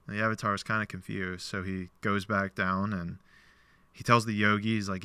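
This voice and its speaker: Podcast host, male, lowish, bright and crisp voice, dry close sound, animated storyteller voicing quoted lines. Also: fairly quick, no echo. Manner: loose speech with many "like" fillers. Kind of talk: casual conversation, retelling a parable.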